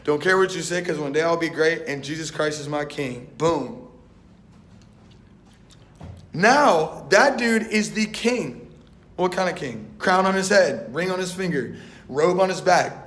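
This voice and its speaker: A young man and Christian rapper giving a casual, slang-filled faith talk, retelling a Bible story and acting out its voices. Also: normal speed. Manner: animated and slangy, acting out voices with "boom" and "bet". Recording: roomy echo.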